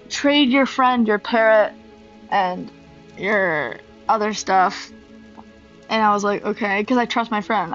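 A woman hosting a gaming channel, telling a casual story in a rambling, animated way with lots of ums. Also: on the high side, lo-fi sound. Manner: rambling, animated retelling with many fillers.

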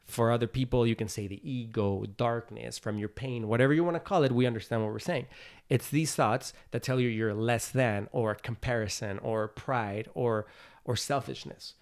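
A man's voice: medium pitch, moderate pace, clean tone. A man guest on a casual podcast interview, speaking earnestly and acting out little voices as he explains his views. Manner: earnest, animated storytelling with acted-out voices.

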